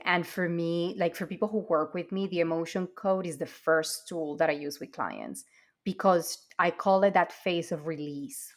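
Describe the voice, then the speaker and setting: A woman speaking English, a guest in an interview, upbeat and confident. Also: fairly low pitch. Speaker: guest, acting coach. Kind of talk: casual interview chat.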